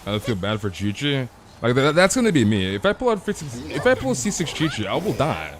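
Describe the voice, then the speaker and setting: A man's voice: medium pitch, brisk. Casual young man streaming a game. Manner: casual, animated, reads chat aloud, exaggerates. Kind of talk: live stream chat while playing.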